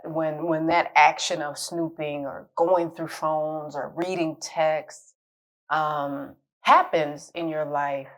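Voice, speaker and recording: A middle-aged woman coach giving candid, conversational relationship advice, laughing at her own jokes now and then. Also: deep voice. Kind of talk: casual advice talk to camera.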